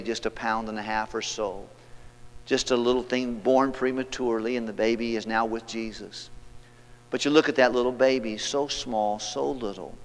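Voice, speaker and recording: A man preaching a sermon as pastor, reading scripture aloud and leading the congregation, moving between loud preaching and hushed passages. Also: mid-range voice. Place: church sanctuary. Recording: long hall reverb, church sanctuary.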